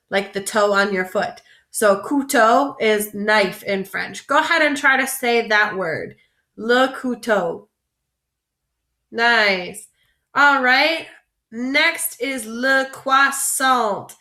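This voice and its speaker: A woman French teacher leading a vocabulary lesson, slowly drawing out each word for students to repeat. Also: fairly high pitch, sharp tone, echoey room. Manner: slow, drawn-out modeling of words for repetition.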